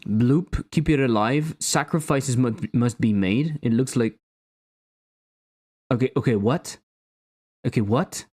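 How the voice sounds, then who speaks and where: A man's voice: medium pitch, slow pace, long pauses, a little mellow, husky. A man streaming his game development, chatting casually and joking around with playful swearing. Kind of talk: casual livestream chat while coding.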